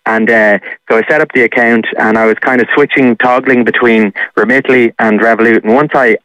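A man's voice: medium pitch, steady tone, a little fast, a bit bright, smooth, no echo, lo-fi sound. A man, a journalist calling in to a radio show, telling a personal story in a rambling way with many fillers. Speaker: caller, journalist.

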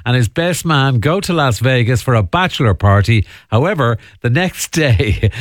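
A man's voice: mid-range voice, animated, normal speed, hardly any pauses, no room sound, clean studio sound. A man hosting a chatty radio entertainment segment, laughing at his own asides. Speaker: radio host.

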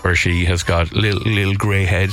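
A man's voice: sits low, level tone, normal speed. A man hosting a breakfast radio show, chatting in a teasing, self-mocking way into a studio microphone. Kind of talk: bantering radio chat. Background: music bed.

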